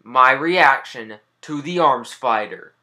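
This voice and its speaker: A man hosting a video game reaction vlog, expressive and shifting between chatty explanation and loud excited yelling. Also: mid-range voice, slow.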